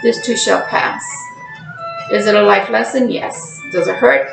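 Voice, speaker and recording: A woman's voice: medium pitch, unhurried, creaky, roomy sound, over music, poor audio. A woman hosting a tarot channel, talking casually about balance and acting out emotional outbursts as she goes. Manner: animated, acts out emotional outbursts. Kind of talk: casual spiritual monologue.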